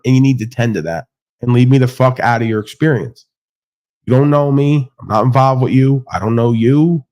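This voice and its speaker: This podcast host, a man with a medium-pitched, somewhat dark voice, rants bluntly on a livestream panel. He swears heavily and performs the quoted back-and-forths himself, keeping the whole thing casual.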